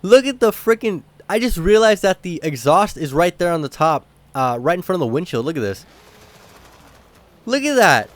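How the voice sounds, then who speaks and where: A young man hosting a car game video, talking casually and getting excited and loud at times. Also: sits high, normal speed. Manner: excitable, slangy, bursts of shouting at rivals. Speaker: gaming channel host. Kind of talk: casual gameplay commentary.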